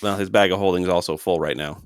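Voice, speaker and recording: A man runs a tabletop game, narrating in an unhurried, measured way. His voice is lowish and smooth. The recording is close and dry. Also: no echo. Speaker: game master.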